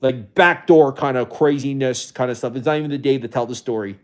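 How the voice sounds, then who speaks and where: Speaking fairly quickly in a mid-range voice, this livestreamer addresses his audience from a rental home. His talk is loose and wandering, full of restarted sentences, with occasional emotional moments.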